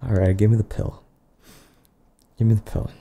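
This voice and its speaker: A man delivering an improvised, absurd comedy monologue in a rambling, deadpan way, often trailing off and restarting. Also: lowish voice, moderate pace, vocal fry, slightly rough.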